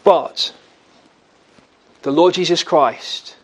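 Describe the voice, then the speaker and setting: Drawing out his words with a breathy edge, a male preacher delivers an earnest sermon full of dramatic rises and falls in pitch and volume.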